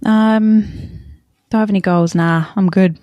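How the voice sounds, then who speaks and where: A woman's voice: medium pitch, steady tone, measured pace, mellow, dry recording, highs cut off. A woman in her thirties co-hosting a podcast, chatting candidly and teasing herself. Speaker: podcast co-host. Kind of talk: casual chat.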